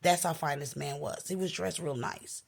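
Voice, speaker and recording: A woman with a naturally scratchy, gravelly voice, a little low for a woman and noticeably husky. She tells a personal story in a loose, chatty vlog style, and her pitch leaps up when she quotes her own reactions. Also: normal speed. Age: adult, married. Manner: animated, jumps up high when quoting herself. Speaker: vlogger. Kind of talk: casual storytelling.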